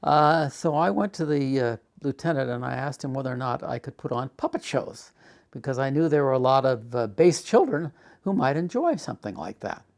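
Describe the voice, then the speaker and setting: A man's voice: medium pitch, expressive, normal speed, creaky, a little mellow. An older man recounting a memory from his past, rambling with frequent fillers and acting out the quoted exchanges. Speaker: artist telling his life story. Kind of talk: spoken recollection.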